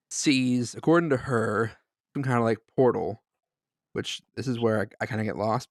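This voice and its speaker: Low-voiced man rambling in casual chat. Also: dry recording, studio quality. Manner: loose, rambling storytelling full of "like" and "um". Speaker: podcast co-host.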